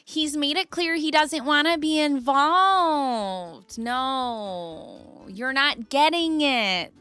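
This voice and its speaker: A woman's voice: sits high, bright, forceful tone, no echo, pitched above the performer's own voice, heavily acted. A woman reading out a viewer comment in a put-on voice, playing a gushing woman commenter who drags out her words in a sing-song way. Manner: drawn-out, sing-song, slow.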